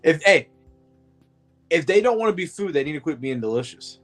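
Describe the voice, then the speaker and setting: A man's voice: fairly high pitch, big pitch swings, normal speed, a bit bright, soft background music. Joking, foul-mouthed podcast co-host man. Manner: profane, joking, laughs often. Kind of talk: casual chat.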